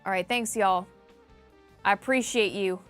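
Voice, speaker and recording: A woman co-hosting a livestream, excitable and self-mocking as she plays a racing game and chats with her viewers. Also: mid-range voice, a little slow, faint music behind. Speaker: livestream co-host playing a kart racing game. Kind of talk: casual livestream banter.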